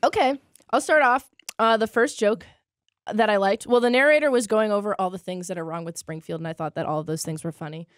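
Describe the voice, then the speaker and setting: Young woman podcast host, laughs a lot, mid-pitched, dry mic. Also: brisk, dry recording. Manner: giggly, quotes lines in put-on voices. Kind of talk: casual chat.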